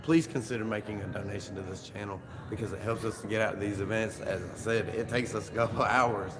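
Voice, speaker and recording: A man's voice: lowish voice, fairly even intonation, fast talker. A man hosting a casual livestream, chatting loosely and joking with fillers and laughs. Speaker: livestream host. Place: large opera house hall with a crowd gathering. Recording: roomy hall reverb and crowd chatter.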